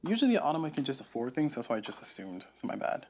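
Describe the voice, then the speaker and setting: A man talks through a solo board game on a lapel mic, thinking aloud and muttering asides to himself. His voice sits at an ordinary middle pitch. Faint music plays behind him. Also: big pitch swings, rapid-fire. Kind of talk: casual solo playthrough commentary. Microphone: lapel mic on shirt.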